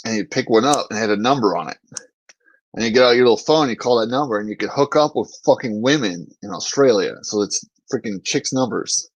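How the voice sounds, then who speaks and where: A man's voice: mid-range voice, fairly quick, no room sound, muffled recording. A man, a former Marine infantryman, hosting a podcast and telling stories in a casual, profane way, laughing often. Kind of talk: casual storytelling chat.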